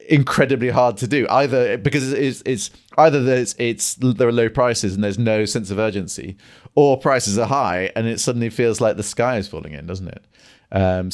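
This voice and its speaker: A man hosting an energy podcast, talking casually with lots of restarts and fillers. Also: fairly low pitch. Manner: hesitant, many restarts and fillers. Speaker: podcast host. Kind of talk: casual discussion and solo commentary.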